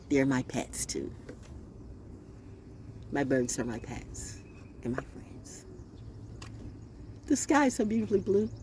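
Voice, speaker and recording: Man, lively pitch, slightly higher voice, rambling outdoor monologue, faint noise behind. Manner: animated, confrontational, laughing asides. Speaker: spiritual vlogger and storyteller.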